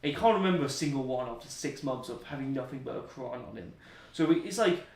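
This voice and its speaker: Picked up by a distant mic in a roomy space, a young interview guest spins loose, jokey, slang-heavy stories. He speaks quickly in a medium-pitched, expressive, slightly mellow voice.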